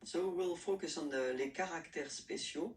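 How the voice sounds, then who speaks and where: A man's voice: fairly high pitch, moderate pace. A man teaching a beginner French lesson, talking patiently and checking in with "okay?" after nearly every phrase. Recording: roomy echo, mic at a distance.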